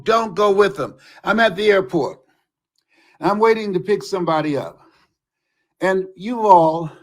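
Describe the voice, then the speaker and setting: Animated, high-voiced motivational speaker man. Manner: animated storytelling, shouting for emphasis. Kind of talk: motivational talk with anecdotes.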